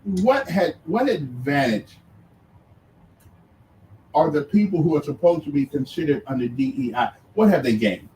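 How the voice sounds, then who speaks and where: Animated radio host, roomy distant sound. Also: male voice, fairly high pitch, a little hiss or hum. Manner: animated, halting and repetitive, challenging. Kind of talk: radio debate.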